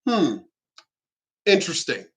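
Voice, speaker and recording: A man's voice: on the high side, very animated, slow, fairly bright tone. A man venting to his viewers in an emphatic, indignant rant, swearing often and repeating and restarting his sentences. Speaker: vlogger. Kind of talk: ranting monologue to camera.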